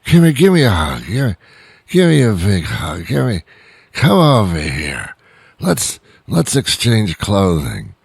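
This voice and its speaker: A man's voice: fairly low pitch, huge pitch swings, unhurried, gravelly, slightly rough, dry recording, pitched above the performer's own voice, full character voice. A man voicing a sloppy, affectionate drunk man who keeps repeating himself and begging for hugs. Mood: clingy. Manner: slurring, repetitive, pleading for hugs.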